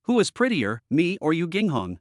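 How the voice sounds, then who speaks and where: Coy pouty young wife, guy doing the voice, higher, bouncy, dry sound. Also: huge pitch swings, normal speed, no room sound. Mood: pouting. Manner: coy, pouting. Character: playful pampered young wife, teasing.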